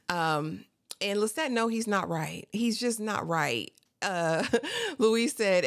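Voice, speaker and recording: A woman giving a chatty, animated TV episode recap, laughing often and calling the listener honey. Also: mid-range voice, slow, no room sound, studio quality. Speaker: TV recap host.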